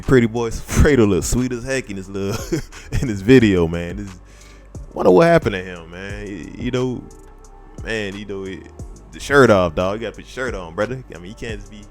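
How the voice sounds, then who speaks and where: A man hosting a reaction video, talking in loose, slangy casual commentary and filling with "man.". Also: fairly low pitch. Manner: laid-back slangy talk, fills with "man". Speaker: reaction host.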